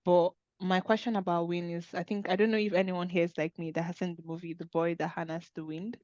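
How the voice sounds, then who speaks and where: A woman's voice: lowish voice, little pitch movement, fairly quick, darkish tone, dry recording, dull audio. A woman hosting an online webinar discussion, talking in an earnest, conversational way over a video call. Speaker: webinar host.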